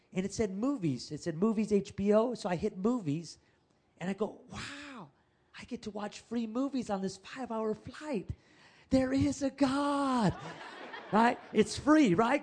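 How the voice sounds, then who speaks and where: A male pastor telling a story in a sermon, chatty and animated, with laughing asides and calls to the congregation. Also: high-pitched.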